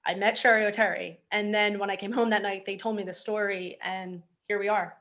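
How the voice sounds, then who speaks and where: A woman's voice: mid-range voice, flat delivery, a little fast, a bit bright. Matter-of-fact woman director. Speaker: film director. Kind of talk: casual interview storytelling.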